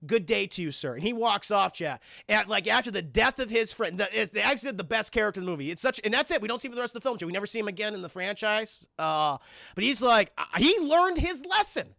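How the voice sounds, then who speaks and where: A young man casually reviewing a film for his live chat, animated, swearing and breaking into silly character voices. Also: high-pitched, quick pace, creaky, dry recording, studio quality.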